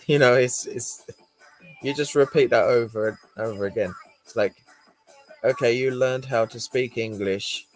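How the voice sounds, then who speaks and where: A man's voice: medium pitch, a little slow, soft background music. A man hosting a livestream, chatting casually, laughing often and reading out viewer comments. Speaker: livestream host.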